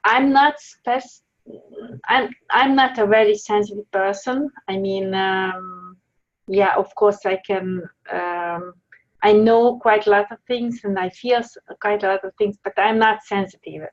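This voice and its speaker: A woman on a video call speaking hesitantly, pausing often to find her words. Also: mid-range voice, steady tone. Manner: hesitant, searching for words, many pauses. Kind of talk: casual group video call. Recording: dull lo-fi video call audio.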